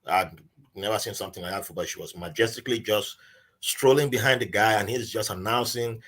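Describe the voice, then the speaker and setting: A man's voice: lowish voice, fairly quick. A man with a Nigerian accent, a podcast guest telling a story in casual chat and acting out the voices he quotes. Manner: animated storyteller who acts out quoted voices.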